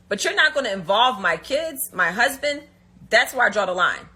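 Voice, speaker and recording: Indignant woman with a bright, husky voice. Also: fairly high pitch, very animated, normal speed. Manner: indignant, storytelling with quoted dialogue. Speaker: reality TV personality. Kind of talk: casual livestream rant. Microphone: phone livestream.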